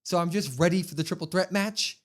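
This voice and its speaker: Animated man recapping wrestling. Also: high-pitched, brisk. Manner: animated, reads out quotes with emphasis. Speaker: podcast co-host.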